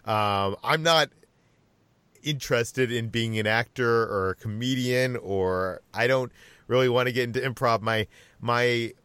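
A man hosting a casual podcast, relaxed and rambling with fillers. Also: medium pitch, unhurried, clean tone, dry recording. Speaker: podcast host, editor-in-chief. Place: Los Angeles.

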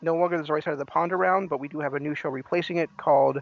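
A man co-hosting a casual podcast, teasing his partner in quick banter. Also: fairly high pitch, steady tone, creaky. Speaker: podcast co-host. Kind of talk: casual chat. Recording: dull lo-fi audio.

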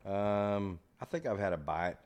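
Deep-voiced man with quiet replies. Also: lively intonation, a little slow, clean tone, dry recording. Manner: quiet, mostly short agreeing replies. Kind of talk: casual chat.

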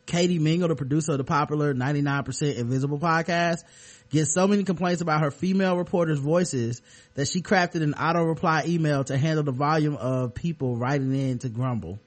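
A man co-hosting a podcast in loose, casual chat, clearing his throat now and then. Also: fairly high pitch, moderate pace. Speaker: podcast co-host.

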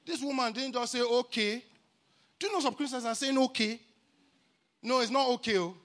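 A man with a Nigerian accent preaching a sermon at a church camp meeting, exuberant and calling for responses, at times rising to shouts. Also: extremely high pitch, normal speed, a little hiss or hum. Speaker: guest preacher.

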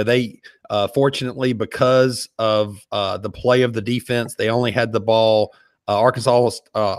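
A man's voice: on the low side, dry recording, studio quality. Hesitant man analyzing football. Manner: hesitant, many fillers like "you know". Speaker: podcast co-host. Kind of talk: casual sports podcast analysis.

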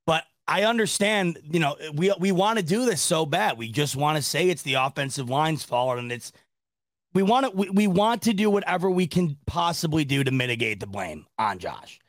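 A man with a fairly high, sing-song voice hosts a sports reaction podcast, speaking at a moderate pace in casual, rambling, exasperated talk with frequent restarts and laughter, sometimes laughing to tears. The sound is studio quality with no echo.

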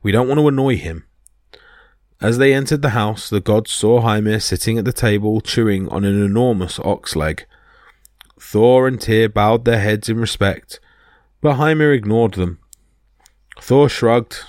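Man, storyteller, low voice, dry close sound, expressive reading. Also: measured pace, dry recording. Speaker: podcast storyteller. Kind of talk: storytelling narration of myths.

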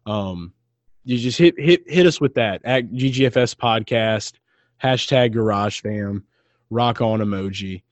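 Man, podcast co-host, excitable, rambling, swears a lot, dry close mic. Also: lowish voice, unhurried, dry recording. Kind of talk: casual podcast chat.

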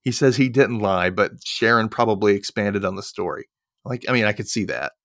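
A man's voice: fairly low pitch, fairly bright tone, no room sound, clean studio sound. A man hosting a podcast, casually recapping a TV episode and acting out lines as he goes. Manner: retells scenes with quick voiced asides. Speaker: podcast host.

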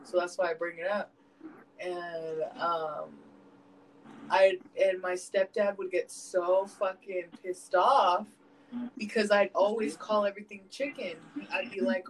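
A woman's voice: medium pitch, unhurried. A young woman co-hosting a casual podcast, telling stories with lots of swearing and acted-out quotes. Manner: animated storytelling, swears a lot, acts out quoted voices. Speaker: podcast co-host. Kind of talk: casual chat. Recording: noisy home podcast recording.

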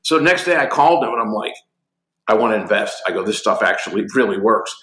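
A man in his sixties, a guest in an interview, telling lively anecdotes and acting out both sides of conversations. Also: lowish voice, fast talker, roomy sound. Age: 60s. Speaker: guest, company executive. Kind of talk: animated storytelling interview.

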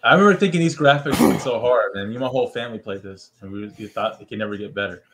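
A man's voice: on the low side, racing, a bit bright. Laid-back, profane man in casual podcast chat. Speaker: podcast co-host.

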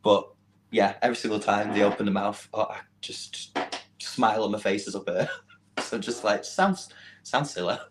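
A man's voice: on the low side, moderate pace, background noise. A man from England with a Mancunian accent, talking casually as an interview guest. He is chatty and self-deprecating, and he laughs often.

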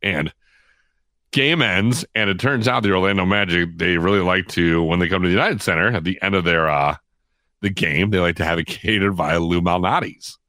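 A middle-aged man tells a story in a casual, animated way. He laughs as he talks and acts out the lines of the people in it. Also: low-pitched, moderate pace, dry recording. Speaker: guest storyteller.

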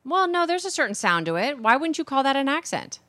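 A woman co-hosts talk radio, playfully teasing her partner. Her voice is fairly high, bright and animated, with a lot of movement in pitch. The sound is dry and close to the mic. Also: fairly quick, dry recording. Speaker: radio co-host. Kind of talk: casual talk radio banter.

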